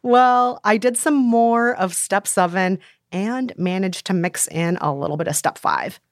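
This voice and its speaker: A woman's voice: medium pitch, a little slow, no echo, clean studio sound. A woman co-hosting a podcast, telling her story in an enthusiastic, chatty way. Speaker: podcast co-host. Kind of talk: casual chat and storytelling.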